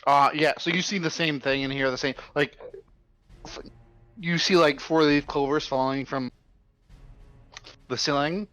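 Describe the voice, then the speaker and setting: A man's voice: a little high, steady tone, a little slow, pauses often, a bit bright, clean tone, soft background music. A man narrating as game master in a tabletop game, loose and rambling, with lots of filler words.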